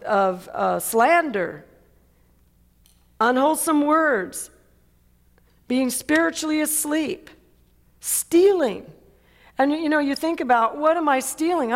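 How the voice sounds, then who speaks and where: A woman preacher delivering an emphatic sermon, repeating phrases and asking "Amen?" often. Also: on the high side. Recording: long hall reverb.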